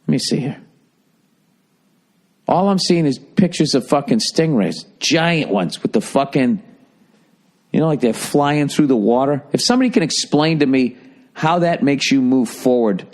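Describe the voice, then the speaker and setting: A man's voice: a little high, very animated, normal speed, long pauses, darkish tone. A middle-aged man hosting a podcast, riffing in a profane, sarcastic, rambling monologue. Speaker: podcast host.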